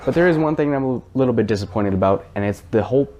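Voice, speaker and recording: A man's voice: mid-range voice, animated, very fast, dark tone, dull audio, slight background noise. Chatty man reviewing a video game. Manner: chatty and rambling, with fillers and casual swearing. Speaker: gaming channel host. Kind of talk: casual game review talk.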